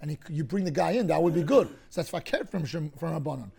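A man teaching a Talmud class, explaining cases through lively hypothetical scenarios and often clearing his throat. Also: a little high, quick pace.

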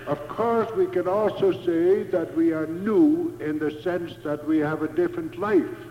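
Male preacher, high voice, deliberate sermon delivery, dull lo-fi sound. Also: steady tone, a little hiss or hum. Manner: slow, emphatic, repeats key phrases. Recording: echoey hall, dull lo-fi sound.

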